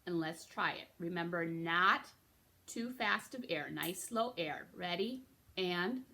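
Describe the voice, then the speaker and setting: A woman's voice: on the low side, slow pace, vocal fry, noisy background. A woman teaching a beginner recorder lesson, patient and encouraging, checking in with frequent okays. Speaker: music teacher.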